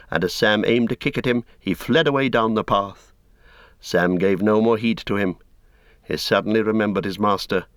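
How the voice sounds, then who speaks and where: A man reading a story aloud in measured, solemn narration. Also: low voice, no room sound, studio quality. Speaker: audiobook narrator. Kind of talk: scripted narration.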